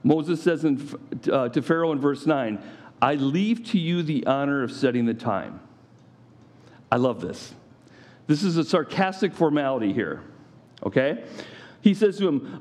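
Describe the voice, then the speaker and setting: A man preaches with a lively, slightly raised voice, swinging from hushed gravity to playful mock voices as he retells a story. His delivery is animated and full of humor. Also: on the high side, unhurried, pauses often. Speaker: pastor. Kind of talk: sermon.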